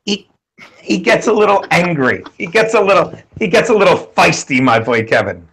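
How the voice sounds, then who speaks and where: High bright guy on a podcast, swears a lot, rambles and mocks people. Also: very animated. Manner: profane, rambling, quick to mock. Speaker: podcast co-host. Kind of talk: crude casual banter.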